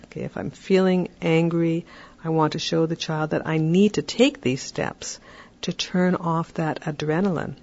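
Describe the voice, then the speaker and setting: Calm podcast host, slightly muffled. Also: medium pitch, gravelly. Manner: calm, explanatory, with frequent um and right. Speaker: podcast host giving parenting advice. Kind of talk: advice talk on a podcast.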